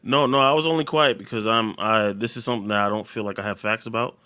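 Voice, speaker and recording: A man's voice: lowish voice, steady tone, fast talker, pushed and bright, smooth. A man co-hosting a casual talk show, speaking carefully and hedging his opinions. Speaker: co-host. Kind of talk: casual chat.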